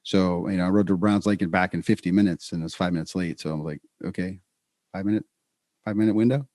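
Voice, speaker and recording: Lowish-voiced man telling stories on a podcast. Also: no room sound, studio quality. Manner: storytelling, animated, quick restarts. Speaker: podcast co-host. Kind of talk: casual podcast chat.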